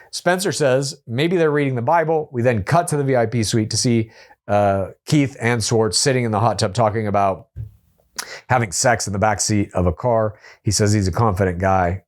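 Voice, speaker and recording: A man hosting a casual reality show recap, chatty and opinionated, with quick asides. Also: lowish voice, darkish tone. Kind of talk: casual episode recap commentary.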